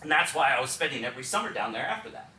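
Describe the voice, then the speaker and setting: A man's voice: mid-range voice, sing-song, rapid-fire, bright, forceful tone, slight background noise. A young man from Texas performing an autobiographical one-man show, telling his story to the audience in a wry, confiding way. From Texas, USA. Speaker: solo stage performer. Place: small theatre stage. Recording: roomy theatre recording from a distance.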